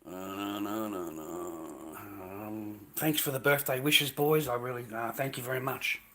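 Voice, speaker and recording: A man's voice: lowish voice, fairly even intonation, measured pace, a bit bright. An Australian man chatting casually on a livestream from his kitchen at home, rambling and swearing freely while calling viewers mate and bro.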